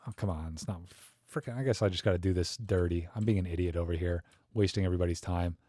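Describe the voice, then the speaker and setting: A man's voice: low-pitched, fairly even intonation, quick pace, mellow, no room sound. Joking man in a dry close room. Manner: joking, rambling, thinks aloud with many fillers. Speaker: livestream host critiquing viewer photos. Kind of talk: casual live-stream chat.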